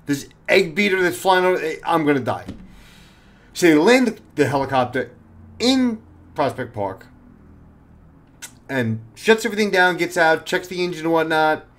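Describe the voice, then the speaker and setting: A man, a former police officer, telling a story in a casual, animated way and swearing freely. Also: fairly high pitch. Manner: animated, swears freely, acts out his own panic.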